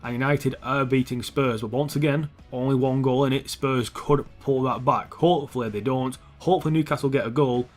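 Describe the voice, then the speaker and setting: A young man commentating his own football video game match, swearing often and shouting at the players on screen. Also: mid-range voice, fairly even intonation, fairly quick, few pauses, faint music behind. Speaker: gaming YouTuber. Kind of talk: gameplay commentary.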